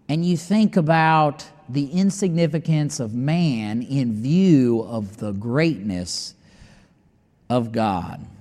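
High-voiced man preaching in a reverberant hall. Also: a little mellow. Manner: voices doubting listeners and scripture in dramatic asides. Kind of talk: sermon.

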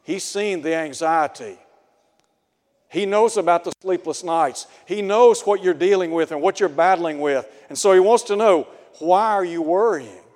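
A man preaching a radio sermon, slow and deliberate, asking his listeners pointed rhetorical questions. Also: sits high, darkish tone, in a large hall.

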